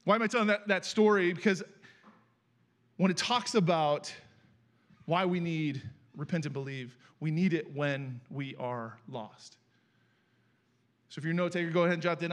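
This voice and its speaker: A middle-aged man preaching as a guest speaker in a church, telling stories in a conversational, animated way. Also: high-pitched. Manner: conversational, animated storytelling with acted quotes. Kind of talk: sermon with storytelling. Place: church sanctuary.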